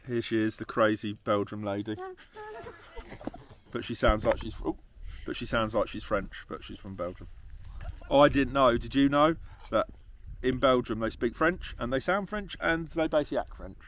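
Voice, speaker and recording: A man's voice: mid-range voice, normal speed, a bit bright. A young man from England with an English accent, talking casually and laughing often as he speaks straight to his viewers. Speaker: travel vlogger. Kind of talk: casual vlog chat.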